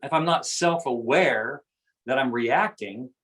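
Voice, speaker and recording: A man's voice: medium pitch, a little slow, fairly bright tone, rough recording. A man talking through ideas as a guest, explaining earnestly and often repeating his phrases. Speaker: guest speaker on self-awareness. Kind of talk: conversational explaining.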